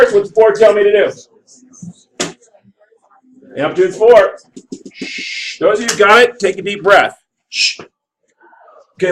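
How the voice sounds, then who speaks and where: A man whose voice sits high teaches math on a rough recording. His classroom lecture is animated: he works through graphs out loud and turns to the class for checks.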